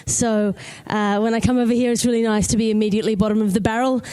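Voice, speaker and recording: A woman's voice: a little high, steady tone, quick pace, dark tone, clear, resonant tone. An Australian woman, a guest comedian, telling a history story with wry, jokey asides.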